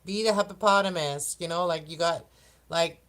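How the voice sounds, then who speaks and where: Her pitch is fairly low and a little bright, and she talks at a moderate pace as she does a relaxed oracle card reading for each zodiac sign. The woman rambles chattily, laughing often and fumbling words along the way.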